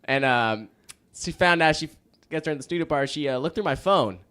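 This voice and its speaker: Laughing, animated young man telling stories. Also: fairly high pitch, fairly quick, clean tone. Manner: rambling, laughing, self-mocking. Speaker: podcast guest, band frontman. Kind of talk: casual storytelling chat.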